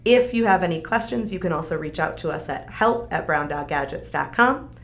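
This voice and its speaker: A woman with a lowish, fairly bright voice talks fairly quickly with lively intonation. She's hosting a live stream, demonstrating a craft kit in an upbeat, casual, chatty way, with plenty of fillers.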